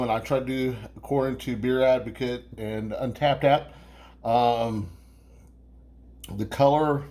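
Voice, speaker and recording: A man's voice: mid-range voice, a little mellow. A man hosting a casual beer review vlog, rambling and swearing, with lots of restarts.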